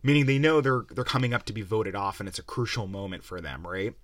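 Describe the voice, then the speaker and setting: A young male podcast host with a lowish voice, swearing freely and wandering off on sarcastic tangents. The sound is dry and close, with no room echo. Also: lively intonation, quick pace, a bit bright. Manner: profane, rambling, sarcastic. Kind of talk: casual rant-style review.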